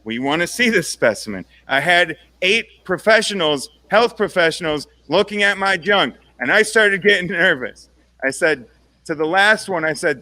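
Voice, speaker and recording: A young man with a high, expressive voice and a sharp tone does a stand-up set at a moderate pace, with no echo. He's casual and conversational, landing self-deprecating punchlines and tagging "right?" onto his jokes to check in with the crowd.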